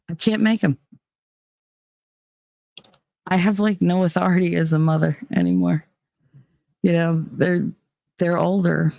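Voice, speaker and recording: A woman hosting a casual livestream chat vents bluntly, heated and swearing heavily. Her voice is fairly low, creaky and a little mellow, with no echo.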